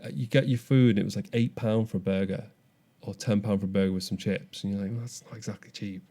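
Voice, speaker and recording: A man's voice: fairly low pitch, steady tone, fast talker, mellow. A young man co-hosting a podcast, telling a story animatedly with frequent restarts. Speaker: podcast co-host. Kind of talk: casual chat.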